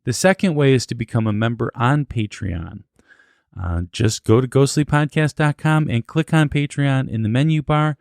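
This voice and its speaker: A man's voice: mid-range voice, normal speed, creaky, darkish tone, no echo, clean studio sound. A man hosting a podcast, chatting casually, teasing his co-host and reading out the show's announcements. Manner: teasing, joking. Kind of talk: casual chat and show announcements.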